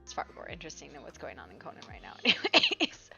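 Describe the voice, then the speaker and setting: A woman's voice: low voice, wildly swooping pitch, fast talker, vocal fry, bright, forceful tone. A woman livestreamer chatting casually, playful and scolding her pets and kids in between. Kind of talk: casual stream chat. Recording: dull lo-fi stream audio, faint music.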